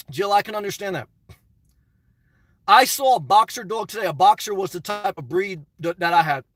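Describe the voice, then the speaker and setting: Man, middle-aged, high bright voice, dry close sound, blunt rambling chat. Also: lively intonation, normal speed, dry recording, distant mic. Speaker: channel host answering live chat. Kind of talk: casual live-stream chat.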